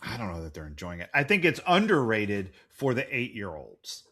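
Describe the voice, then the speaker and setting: A man's voice: on the low side, big pitch swings, moderate pace, pushed and bright, husky. A man in his forties co-hosting a podcast in casual chat, rambling and jokey. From United States. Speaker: podcast co-host.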